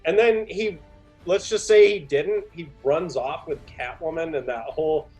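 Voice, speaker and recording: A man's voice: a little high, fairly even intonation, unhurried, a little mellow, faint music behind. A man co-hosting a podcast, talking about a film in a casual, blunt and dismissive way, with lots of "like". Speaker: podcast co-host. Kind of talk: casual movie chat.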